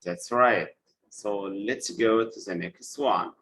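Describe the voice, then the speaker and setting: Slow, deliberate male teacher. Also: on the low side, fairly bright tone, slight background noise, rough recording. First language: Arabic. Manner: repeats words slowly for students, switches between English and Arabic. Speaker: English teacher. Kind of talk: live online English lesson.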